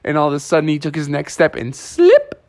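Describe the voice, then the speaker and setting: A man telling a playful children's story with animated, lively narration. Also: a little high, a little fast, dry recording.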